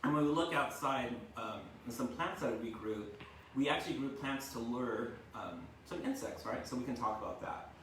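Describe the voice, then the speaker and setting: A man's voice: medium pitch, normal speed, fairly bright tone, distant mic, slight background noise. Male teacher reading a storybook to kids at home, chatty, stops to explain words; echoey room, mic well back. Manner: chatty, explains words, tags lines with "right?". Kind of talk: reading a storybook aloud to a class. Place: home kitchen.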